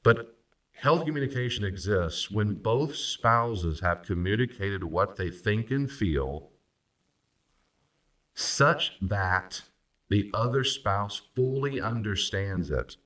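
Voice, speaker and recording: A man, a pastor and counselor, teaching on marriage and acting out spouses' lines in quick voices. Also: fairly low pitch, animated, fairly bright tone, recorded from a distance. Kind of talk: recorded teaching talk on marriage.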